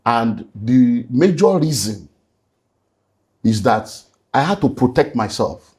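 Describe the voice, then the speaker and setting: Earnest Nigerian man, mid-pitched. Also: big pitch swings, takes it slowly, a little mellow. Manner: earnest, slips into Nigerian Pidgin. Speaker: pastor and guest. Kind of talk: emotional personal testimony.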